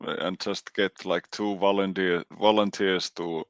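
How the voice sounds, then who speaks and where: A man co-hosting a casual livestream chat, not a native English speaker, talking in halting bits with many restarts, his chest sore and cough-prone. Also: deep voice, steady tone, no echo. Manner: halting, restarts often, quick laughs. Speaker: co-host.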